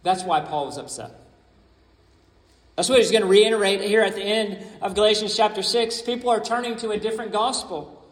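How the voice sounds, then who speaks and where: A man's voice: high-pitched, brisk. A man preaching a sermon as pastor, emphatic and repeating his key phrases. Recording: echoey hall.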